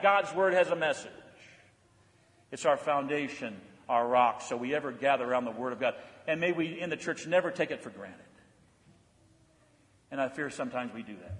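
A man preaching a sermon as pastor, swinging between loud emphatic lines and soft, hushed ones. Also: mid-range voice, big-room sound.

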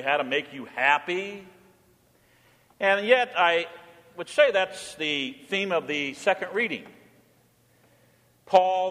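A man preaching from the pulpit in a high, bright voice that rings down a long church reverb. He speaks as a jovial, teasing pastor and leans on rhythm and emphasis. The sanctuary sound lingers behind each phrase. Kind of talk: sermon.

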